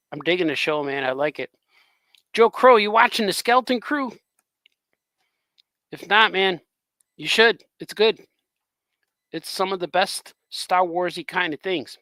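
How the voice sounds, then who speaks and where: A man's voice: on the high side, creaky, sharp tone, dry recording. A man chatting in a rambling way while drawing on a live stream as a cartoonist host.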